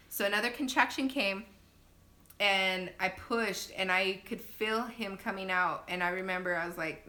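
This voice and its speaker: A young woman casually telling her birth story on a phone live stream, chatty and laughing often, acting out quotes in sudden loud high bursts. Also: fairly even intonation, normal speed. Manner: laughs often, many fillers.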